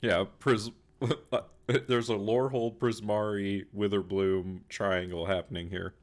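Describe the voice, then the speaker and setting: A man's voice: fairly low pitch, flat delivery, a little slow. A man chatting casually as a player in a tabletop game, laughing often and acting out his character's lines.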